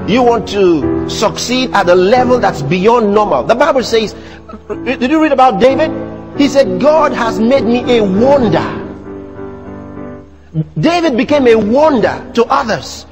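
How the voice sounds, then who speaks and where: A man preaching a sermon to a church congregation, animated, teasing the audience with rhetorical questions and mimicry. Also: high-pitched, measured pace, big-room sound, music in the background. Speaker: pastor.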